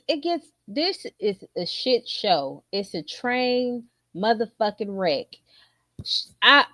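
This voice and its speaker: Blunt, slow-talking woman commentator. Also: on the high side, big pitch swings, fairly bright tone, dry recording, studio quality. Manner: blunt, incredulous, profane. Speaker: commentary channel host. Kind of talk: casual reaction commentary.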